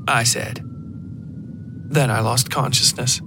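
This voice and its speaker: A man reading a first-person horror story as a podcast narrator, in a measured, even storytelling manner. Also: medium pitch, noisy background.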